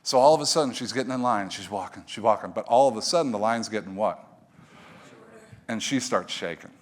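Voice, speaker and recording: A middle-aged man, working as a motivational speaker, tells a story to an audience in an animated way, swinging between hushed and loud. His voice is fairly low and his pace brisk.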